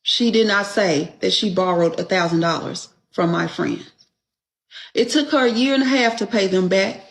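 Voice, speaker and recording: A woman's voice: mid-range voice, moderate pace, vocal fry, rough recording. A woman telling a long personal story in casual, profane talk, acting out quoted dialogue and stopping often to ask "Okay?". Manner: indignant, profane, punctuates with rhetorical "Okay?".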